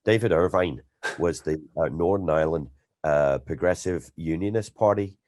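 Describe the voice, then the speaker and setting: A man, a comedian, chatting as an interview guest and telling stories in an animated way, often slipping into impressions. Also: sits low, normal speed. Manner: animated storyteller, slips into impressions. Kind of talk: casual interview chat.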